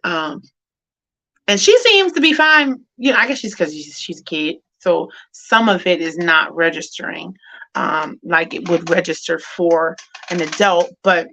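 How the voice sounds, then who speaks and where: A middle-aged woman with a bright, forceful voice sits low in her register as she hosts a grief talk. Her speech is candid and rambling, full of fillers and restarts. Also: creaky. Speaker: host of a women's grief discussion. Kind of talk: casual heartfelt chat.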